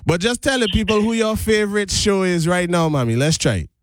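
A man's voice: high-pitched, brisk, dry recording, clean studio sound, soft background music. Chatty man hosting live radio. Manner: chatty, laughing, coaxing a caller. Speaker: radio show host. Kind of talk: live radio banter with a caller. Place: radio studio. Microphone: studio microphone.

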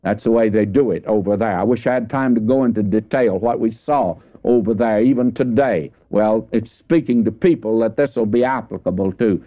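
A man's voice: on the low side, moderate pace, hardly any pauses. Older man, sermon, folksy emphatic Bible teaching, tinny phone-like old recording.

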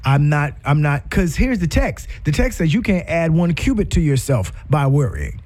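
Male preacher, higher voice, conversational sermon delivery with emphatic rises and repeats. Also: very animated, normal speed, a little mellow.

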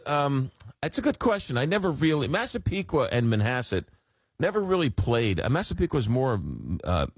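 Animated New man hosting radio. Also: medium pitch, dry recording. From Long Island, New York. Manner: rambling, animated storyteller with many fillers. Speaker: radio talk show host. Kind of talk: casual call-in radio chat. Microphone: studio microphone.

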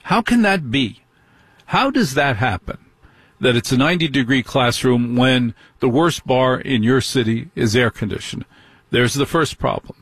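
Husky, indignant male talk radio host. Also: medium pitch, lively intonation, moderate pace, fairly bright tone, no room sound. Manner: indignant, fires off rhetorical questions.

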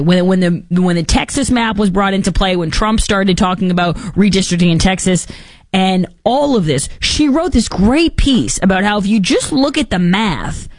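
A woman's voice: mid-range voice, no room sound, studio quality. A woman hosting a political talk show, giving opinionated commentary with sarcastic asides and mocking put-on quotes. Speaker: podcast host.

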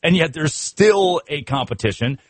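A man's voice: fairly high pitch, lively intonation, normal speed, dry recording. A man hosting a sports radio show, riffing in comic talk with laughter and mock outrage.

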